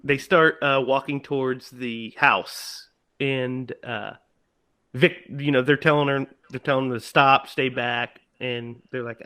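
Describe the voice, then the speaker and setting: A man's voice: mid-range voice, smooth. A man co-hosting a podcast, casually retelling a film's plot and animatedly acting out its lines. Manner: animated, acts out lines in quick put-on voices. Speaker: podcast co-host.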